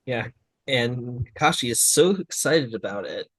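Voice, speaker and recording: A man's voice: mid-range voice, lively intonation, a little slow, no room sound. Mild-mannered man in a dry-sounding recording. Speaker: anime review podcast co-host. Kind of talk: casual chat.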